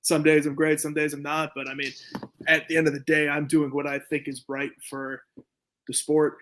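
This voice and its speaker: A man's voice: a little high, flat delivery, normal speed, fairly bright tone, a little hiss or hum. A young man from Canada talking casually in an interview, laid-back and blunt, swearing freely. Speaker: jiu-jitsu gym owner and event promoter.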